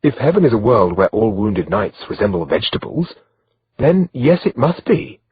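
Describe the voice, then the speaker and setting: Man doing a young noble maiden, gentle and teasing, lifted pitch, husky, lo-fi. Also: big pitch swings, moderate pace, no echo, full character voice. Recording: slightly dull lo-fi recording.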